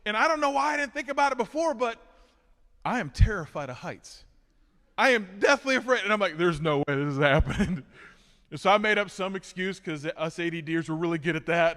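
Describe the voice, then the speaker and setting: A middle-aged man telling funny stories on stage as a motivational speaker, animated and chatty. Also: high-pitched, fairly quick. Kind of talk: humorous storytelling talk on stage. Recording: echoey hall reverb.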